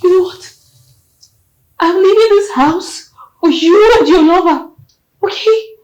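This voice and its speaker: A woman's voice: very high voice, slow pace, a little mellow, echoey room, poor audio. An actress with a Nigerian accent playing a heartbroken, betrayed wife who accuses her husband. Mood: defiant. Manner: accusing, tearful. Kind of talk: Nollywood film drama.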